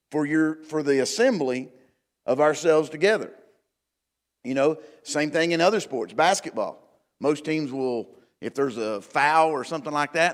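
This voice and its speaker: A man's voice: on the high side, big-room sound. A man preaching a conversational midweek church sermon, folksy and building to emphatic declarations. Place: church sanctuary.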